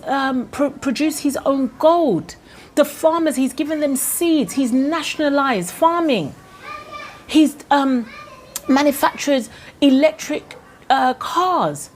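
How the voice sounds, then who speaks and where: A woman's voice: sits high, a little mellow, a little hiss or hum. A woman with a Ghanaian accent giving impassioned, indignant commentary full of rhetorical questions.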